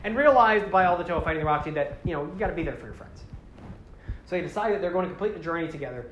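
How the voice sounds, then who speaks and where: A man's voice: fairly high pitch, lively intonation, rapid-fire, fairly bright tone. A man casually recapping a story, rambling with lots of fillers and correcting himself as he goes. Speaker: show host. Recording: roomy with faint background noise.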